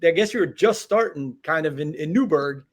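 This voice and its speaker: A man hosts an interview show and stumbles over repeated words as he leads into his questions. He sounds keen and chatty. His voice sits somewhat high for a man. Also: animated. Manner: halting, stammering repeats, enthusiastic. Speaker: podcast host. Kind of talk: interview podcast hosting.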